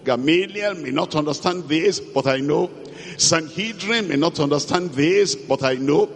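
Male preacher, slightly high voice, slow deliberate emphatic delivery, hall reverb. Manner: slow, emphatic, repeats key phrases. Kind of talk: sermon.

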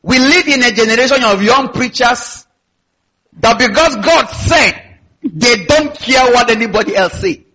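A man's voice: very high-pitched, animated, unhurried, sharp tone, dull audio. A man preaching a sermon in an emphatic style, with call-and-response asides to his congregation. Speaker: pastor.

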